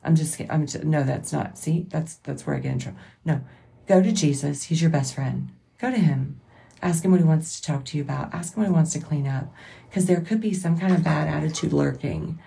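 A woman's voice: deep voice, a little fast, vocal fry, warm tone. A woman, hosting a podcast as a rambling, self-correcting, emotional faith-based monologue. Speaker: podcast host.

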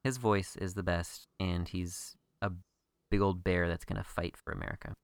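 A deep-voiced man co-hosts a podcast, chatting about a TV episode in a casual, wry way. His intonation stays fairly even and his pace moderate, with a clean tone captured in a dry, studio-quality recording.

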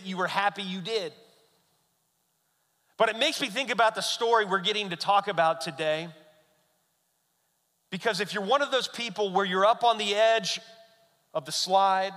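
Bright-voiced man preaching a sermon. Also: high-pitched, big-room sound. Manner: animated storyteller, asks the congregation questions. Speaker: pastor.

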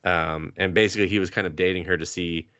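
A man's voice: low-pitched, fairly even intonation, quick pace, pushed and bright, no room sound, dull audio. A man hosting a podcast, casually recapping an anime, swearing freely and laughing as he retells scenes. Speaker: podcast host.

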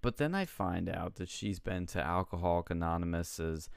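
A man's voice: low voice, expressive, moderate pace, vocal fry, smooth, no room sound. A young man hosting a casual chat show, telling a story with lots of swearing and laughter.

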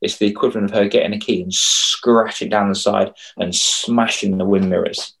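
A man's voice: on the low side, moderate pace, vocal fry. A young man coaching on confidence in a casual podcast chat, acting out quoted voices as he tells stories. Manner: animated storyteller, acts out quoted voices.

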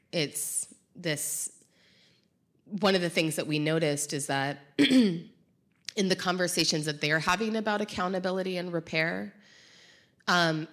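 Woman, low voice, thoughtful, halting, conversational. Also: fairly bright tone. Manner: thoughtful, searching for words. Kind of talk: reflective conversation.

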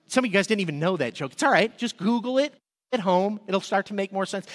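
Man, pastor, sermon, high voice, echoing hall reverb. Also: a little fast. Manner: energetic, repeats words when excited. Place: church service.

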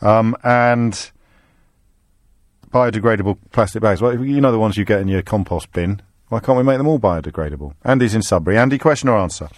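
A man hosting a radio phone-in, chatting with callers in a quick-witted, teasing way and often restarting his sentences. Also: on the low side, no echo, studio quality. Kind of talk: casual radio phone-in chat. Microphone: studio microphone.

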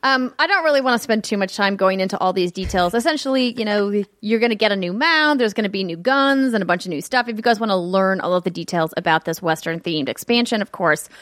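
A woman co-hosting a gaming news show, chatting casually and reading news items with quick asides. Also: medium pitch, a bit bright, no room sound, clean studio sound. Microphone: headphones and studio mic.

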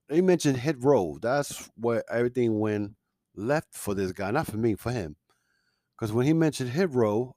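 A man's voice: medium pitch, darkish tone, dry recording. A man hosting a casual podcast, ranting in a heated, opinionated way with frequent fillers and restarts. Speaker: podcast host.

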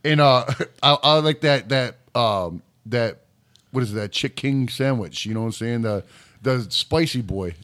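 A man's voice: medium pitch, measured pace, fairly bright tone. A man co-hosting a podcast in casual chat, telling rambling stories with frequent laughs and swearing. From Michigan, US. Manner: rambling, laughing, profane storytelling. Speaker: podcast co-host.

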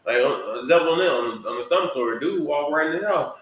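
A man's voice: fairly high pitch, lively intonation, fast talker, a bit bright, far from the mic. A man co-hosting a podcast in casual chat, talking in a laid-back, rambling, wry way. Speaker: podcast co-host. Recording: very echoey room with crowd noise.

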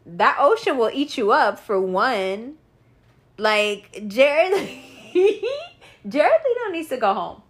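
A woman talking casually in an animated, profane rant, laughing and doing mocking impressions. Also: on the high side, takes it slowly. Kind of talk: casual rant about actors.

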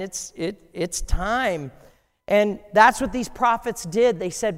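A man preaching a sermon, animated and jokey, acting out voices from scripture. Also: high voice, clear, resonant tone. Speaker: pastor. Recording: long hall reverb.

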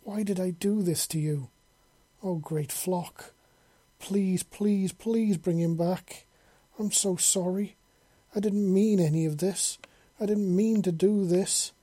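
A frantic taloned woman begs and sobs through her apologies, her voice pushed up high and strained, as a narrator puts her on. The tone stays husky and mellow underneath, recorded close and dry. An audio storybook reading. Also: takes it slowly, dry recording. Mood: sobbing pleas. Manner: pleading, sobbing, raised pitch. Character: panicked remorseful winged woman.

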